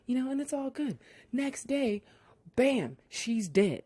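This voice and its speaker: A podcast reviewer recapping a TV episode in a casual, profane way, with sarcastic asides and lively put-on voices for the characters. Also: sits high, husky, dry recording. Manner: blunt, sarcastic asides, heavy swearing; drawn-out, animated voices when quoting characters.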